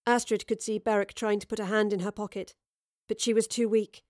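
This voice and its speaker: A woman narrates an audio drama in a steady, measured voice. Her pitch sits in an ordinary middle range. The recording is close and dry. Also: dry recording. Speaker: narrator and sole performer.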